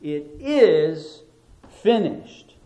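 A male preacher delivers a sermon slowly and deliberately, with a fairly high voice. He leans on single words for emphasis. The room adds a noticeable echo. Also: sing-song, dark tone, muffled recording. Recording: roomy echo.

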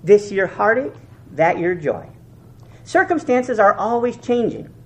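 A male pastor preaches fervently at a measured pace, swinging from loud, emphatic peaks to hushed lows. His pitch shifts constantly and expressively, and he repeats and restarts phrases for emphasis.

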